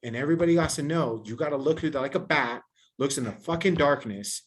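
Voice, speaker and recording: A man hosting a podcast, his voice sitting a little high. He rants in a heated, preachy way and packs nearly every sentence with swearing. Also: fast talker. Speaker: podcast host. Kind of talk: profane ranting podcast chat.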